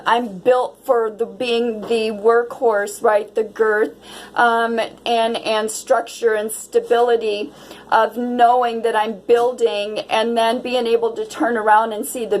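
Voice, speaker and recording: A woman reads tarot for her viewers in a casual, dreamy way, breaking into delighted exclamations. Her voice sits a little high and her pace is slow and unhurried. A faint hiss of noise runs under the recording. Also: low-quality recording. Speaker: tarot reader.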